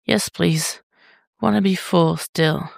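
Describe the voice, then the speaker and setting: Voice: medium pitch, takes it slowly, gravelly, no echo, studio quality. A reader voicing a needy young man in an audio story, in a breathless, pleading manner. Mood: soft, content.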